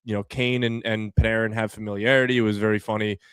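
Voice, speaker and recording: A man's voice: lowish voice, little pitch movement, fast talker, smooth, no echo. A man hosting a sports podcast, talking casually and with energy as he lays out his ideas, using many fillers. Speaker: podcast host.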